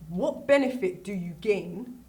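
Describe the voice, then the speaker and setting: A woman's voice: medium pitch, animated, measured pace, vocal fry, a little mellow, slight background noise. A teenage girl, a student guest, giving emphatic advice in casual chat, repeating her points and asking rhetorical questions. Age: late teens.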